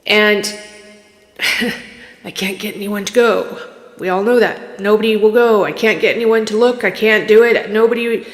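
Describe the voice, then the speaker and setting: A woman's voice: medium pitch, measured pace. A woman from Canada who works as a psychic medium, chatting on a casual livestream in a candid, rambling, emotional way with many restarts. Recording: echoey room with long reverb.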